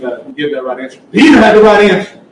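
Preacher, male, high voice, impassioned sermon delivery, recorded from far off in an echoey hall. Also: sing-song, quick pace, slight background noise. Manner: impassioned, rising to near-shouts.

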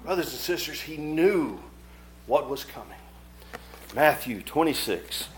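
A man preaching a sermon, reading scripture aloud and breaking into fervent, sudden loud surges with quick casual asides. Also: a little high, expressive, slight background noise. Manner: reads scripture aloud in old-fashioned phrasing.

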